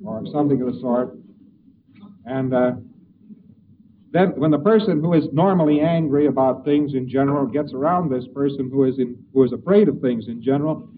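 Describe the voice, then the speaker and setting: A man's voice: medium pitch, moderate pace. A man giving a conversational lecture with hesitations and acted examples, recorded on an old tape. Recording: old tinny distant tape with hiss.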